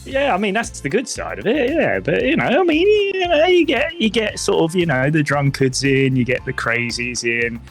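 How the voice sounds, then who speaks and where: A man voicing an easygoing, mildly weary male barman, raised in pitch and rambling with many fillers. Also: wildly swooping pitch, normal speed, few pauses, faint music behind. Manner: rambling, hesitant, full of fillers.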